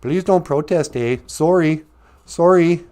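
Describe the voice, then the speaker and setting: A man's voice: on the high side, slow pace, a little mellow, voice pushed up. Man doing a sing-song Canadian politician. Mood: mock-apologetic. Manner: sing-song, apologizing, tacks on "eh". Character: mocking sing-song male politician, apologetic bully.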